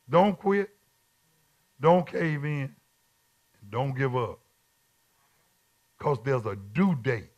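A man preaching at Bible study as a bishop, repeating his lines in call-and-response and swinging from quiet talk to shouts. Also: sits high, slow pace, long pauses.

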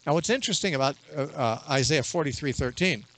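A man in a radio interview, a bible teacher explaining scripture in a measured way and quoting verses at length. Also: fairly high pitch, animated, a bit bright, a little hiss or hum.

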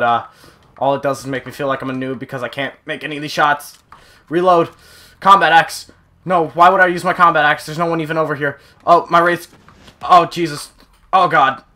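Hyped young guy yelling through his gameplay, bright punchy voice. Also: medium pitch. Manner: excitable, yelps and exclaims often. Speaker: gaming channel host. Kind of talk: live gameplay commentary.

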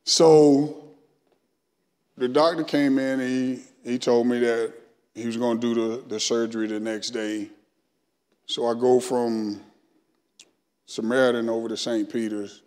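A man's voice: medium pitch, unhurried, pauses often. Southern man preaching in a reverberant church. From Alabama. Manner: storytelling, lively, acts out his own past dialogue. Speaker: guest speaker. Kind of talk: sermon testimony. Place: church sanctuary.

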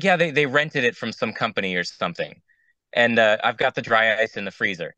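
A man's voice: on the low side, animated, brisk, sharp tone, dry recording, rough recording. A man working as a wedding DJ, telling a rambling, exasperated story on a casual round-table show, acting out both sides of each conversation.

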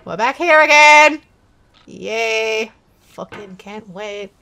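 High, animated woman ranting at a game. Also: slow pace, clear, resonant tone. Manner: swears and shouts in frustration. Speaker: let's play gamer. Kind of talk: frustrated gameplay commentary. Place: home.

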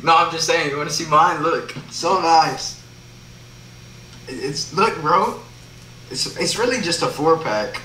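A man's voice: fairly high pitch, lively intonation, unhurried, long pauses, sharp tone, roomy sound, a little hiss or hum, poor audio. A man chatting casually and boastfully on a video call.

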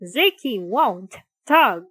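A woman's voice: a little high, very animated, very slow, fairly bright tone, breathy edge, dry recording, studio quality, heavily acted. A woman reading as a kind, reassuring man. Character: kind soft-hearted man, reassuring neighbor.

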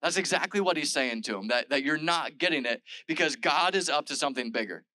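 A man's voice: fairly high pitch, lively intonation, fairly quick, pushed and bright, no echo, rough recording. A male pastor giving a casual, conversational sermon, retelling scripture in everyday modern speech with lots of "like" and "all right". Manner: chatty and informal, full of "like" and "all right".

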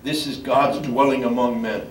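Older priest, echoey and distant. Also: male voice, mid-range voice, fairly even intonation. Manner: measured solemn reading, halting when speaking freely. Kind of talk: reading scripture at a memorial service. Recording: echoey room from far off, faint background noise.

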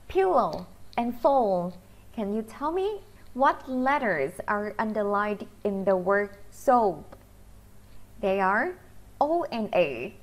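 A woman with a Vietnamese accent teaching English pronunciation to children, slowly drawing out each vowel sound. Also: mid-range voice. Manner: slow, sing-song teacher talk, drawing out vowel sounds.

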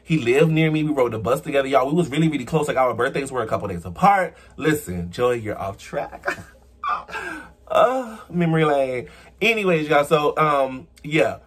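A young man chatting casually on his vlog, answering viewer questions and telling stories with sudden high squeals and low murmurs. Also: expressive, moderate pace, husky.

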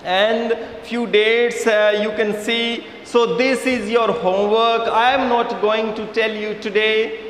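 A man with an Indian English accent gives a video English lesson in a fairly high voice. He speaks slowly and with emphasis, repeating key words so the students catch them. The room is echoey, with a faint hiss in the recording. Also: level tone, a bit bright. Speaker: English teacher.

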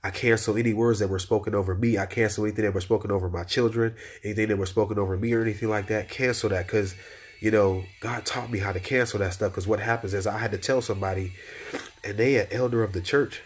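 A man giving a personal testimony of encouragement in a preacher-like way, repeating phrases and rising in pitch when he exhorts. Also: steady tone, fast.

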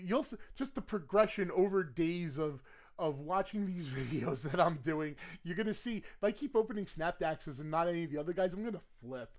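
A man chatting casually while opening trading card packs. He rambles with many fillers and restarts, laughs often, and erupts into loud excitement. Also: high-pitched. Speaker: card game collector opening booster packs. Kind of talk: casual pack-opening commentary.

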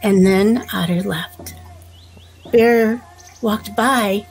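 A woman storyteller telling a folk tale to children in a gentle, unhurried way. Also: mid-range voice, soft background music, poor audio.

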